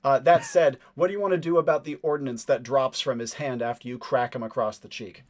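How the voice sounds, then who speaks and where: A man narrating as game master of a tabletop role-playing game, easygoing, with halting asides and frequent chuckles. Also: mid-range voice, steady tone.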